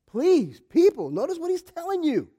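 Impassioned high-voiced male preacher. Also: wildly swooping pitch, normal speed. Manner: impassioned, rising to shouts, speaking straight to the congregation. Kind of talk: sermon.

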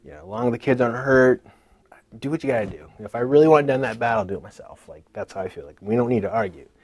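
A man's voice: mid-range voice, fast talker. A man giving a personal church testimony in casual, earnest speech, laughing nervously now and then. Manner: earnest and emotional, with frequent nervous laughs and many fillers.

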